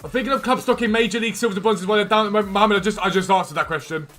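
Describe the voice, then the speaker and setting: A man hosting a live game stream, chatting casually and quickly answering viewers' questions from chat. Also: sits high, fairly bright tone, faint music behind.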